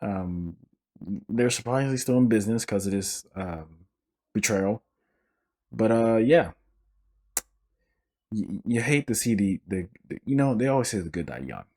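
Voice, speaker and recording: A young man hosts his own podcast, his voice low-pitched and a touch husky. He rants in an animated, joking way, swearing freely and stumbling through restarts. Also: measured pace, long pauses. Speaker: podcast host. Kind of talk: casual solo podcast rant.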